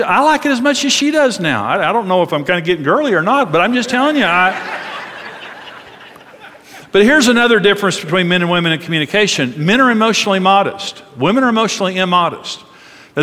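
Middle-aged male preacher, higher-pitched, animated and funny, echoing through a big hall. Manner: animated, joking storyteller. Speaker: pastor. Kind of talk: conversational sermon. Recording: long reverb of a large hall.

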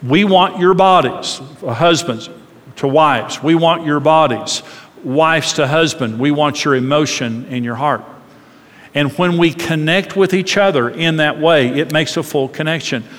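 A middle-aged man with a fairly high voice speaks in a sermon-style marriage talk. He is animated and acts out little voices in his stories. The sound carries a long reverb from a large hall. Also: a little slow.

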